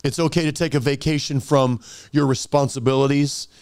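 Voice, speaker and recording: Male pastor, animated sermon storytelling, smooth voice, dry close sound. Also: mid-range voice, fairly quick, no echo.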